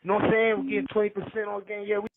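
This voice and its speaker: A man's voice: high voice, little pitch movement, rapid-fire, gravelly. A man telling rambling street stories as a podcast guest, slangy and jumping between names. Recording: tinny phone line.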